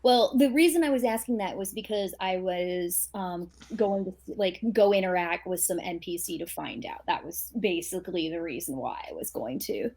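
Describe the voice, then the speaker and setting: Mellow-voiced woman playing a tabletop game. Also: lowish voice, moderate pace, gravelly, few pauses. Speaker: player. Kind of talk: casual chat around a tabletop game.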